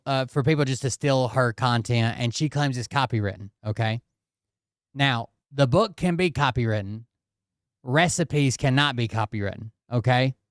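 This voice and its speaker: Profane, dry-voiced commentary ranter. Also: male voice, mid-range voice, no echo. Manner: profane, repeats "okay?" and "blah, blah, blah". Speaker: commentary channel host. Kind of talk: casual ranting commentary.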